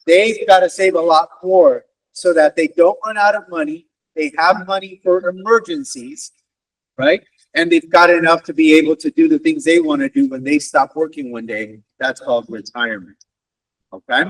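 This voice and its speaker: A man with a slightly raised pitch gives a lively career talk to students, regularly checking in with "okay?" and "right?". He calls them "guys" and keeps them involved. His voice sounds distant from the microphone. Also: moderate pace. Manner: addresses listeners as "guys". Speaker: guest career speaker, wealth advisor. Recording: distant mic on a virtual event.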